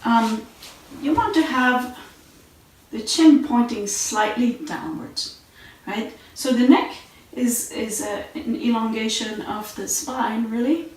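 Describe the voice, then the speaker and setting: A woman teaching meditation and yoga sitting positions in a relaxed, conversational way, with fillers and restarts, recorded on a mat at home. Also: fairly high pitch. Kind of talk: instructional talk. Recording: very echoey room, mic at a distance.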